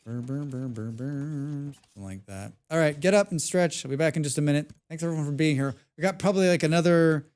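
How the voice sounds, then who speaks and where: A man's voice: on the high side, animated, fast, few pauses, darkish tone, clean tone. Man muttering and humming through a game stream. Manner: muttering, humming and swearing while playing. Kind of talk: casual live-stream commentary. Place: home.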